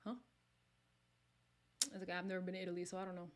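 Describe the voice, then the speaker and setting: A woman's voice: lowish voice, completely flat delivery, fast talker. A woman hosting a casual live watch party, chatting freely, reading viewer comments aloud and slipping into whispered asides. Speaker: livestream host reacting to a reality show.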